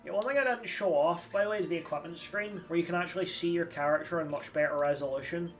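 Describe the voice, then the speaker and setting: A man's voice: fairly high pitch, fast talker, slight background noise. Chatty guy streaming a game. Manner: chatty, rambling, swears casually. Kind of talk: casual gameplay commentary. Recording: slightly distant mic with game music.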